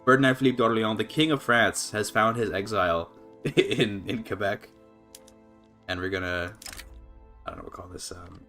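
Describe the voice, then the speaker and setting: Over soft background music, a man casually commentates a strategy game on a live stream, his lowish voice at normal speed with frequent pauses. He thinks aloud with many fillers and restarts, laughs often, and his voice jumps up when he gets excited.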